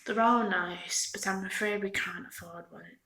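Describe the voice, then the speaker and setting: A woman voicing a polite, kind young girl in a soft whispered role-play. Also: mid-range voice, steady tone, unhurried, echoey room. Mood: earnest. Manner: polite, earnest.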